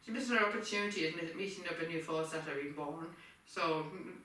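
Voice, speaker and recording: A woman's voice: low-pitched, quick pace, sharp tone. A woman rambling and repeating herself in a casual home video, with a frog in her throat. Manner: repetitive, circling back over the same points. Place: home kitchen. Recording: echoey kitchen, distant mic.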